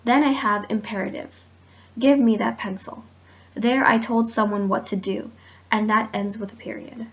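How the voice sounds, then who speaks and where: A female student steadily reads out a grammar presentation for class, speaking the examples aloud. Her voice is mid-range and her pace moderate, and the recording sounds dull and lo-fi.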